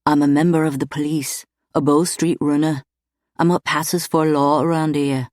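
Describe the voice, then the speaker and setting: A woman voicing a gentle male police runner with a deep country voice, speaking slowly and reassuringly. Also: level tone, no room sound, clean studio sound, natural voice.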